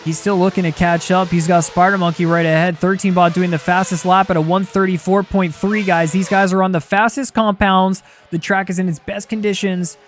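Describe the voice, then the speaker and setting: A young man commentating a sim racing league race live, excitable and quick to shout at close battles. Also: high-pitched, soft background music.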